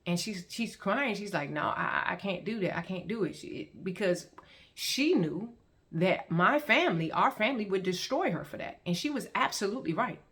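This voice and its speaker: A woman telling her personal story as testimony, in an animated, repetitive storytelling manner. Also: mid-range voice, moderate pace. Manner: animated storytelling with repeated phrases and acted-out quotes. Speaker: testimony vlogger.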